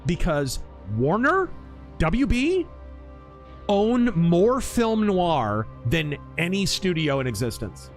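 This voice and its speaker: A man streaming a mech game and chatting casually, an animated storyteller who acts out quotes. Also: high-pitched, slow pace, faint music behind. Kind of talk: casual live-stream chat.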